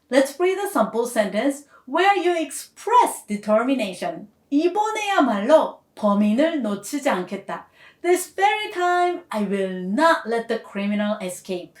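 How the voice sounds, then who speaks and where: A woman language teacher giving a scripted grammar lesson, explaining each point clearly and patiently. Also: high voice. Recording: echoey room.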